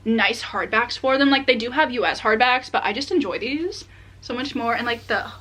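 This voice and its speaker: A young woman chats excitedly through a casual book-unboxing vlog, leaning on filler words as she talks. Her voice is bright and sits a little high. A faint hiss of noise sits under the recording. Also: normal speed. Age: young adult. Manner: excitable and chatty, many "like" fillers. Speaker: book vlogger.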